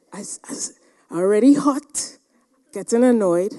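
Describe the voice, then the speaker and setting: A woman giving a motivational seminar talk, telling a personal story in a dramatic, animated way. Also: mid-range voice, measured pace, pauses often. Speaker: seminar speaker.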